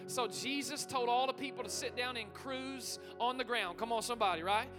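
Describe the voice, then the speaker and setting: A man preaching a lively interactive sermon, calling out to the congregation and talking quickly and chattily. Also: extremely high pitch, over music. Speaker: pastor. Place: church sanctuary.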